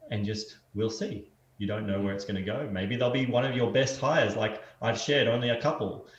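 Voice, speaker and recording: A man co-hosting a podcast, telling a story in a casual, reflective way and often restarting his sentences. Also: mid-range voice. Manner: storytelling, reflective, repeats words when starting sentences. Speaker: podcast co-host. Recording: roomy, distant, dull sound.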